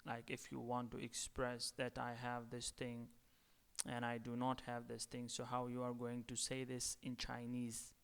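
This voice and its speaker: Man, language teacher, video lecture, repeats words, smooth, reverberant. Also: medium pitch, completely flat delivery, a bit bright. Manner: deliberate, repeats words several times. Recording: long reverb.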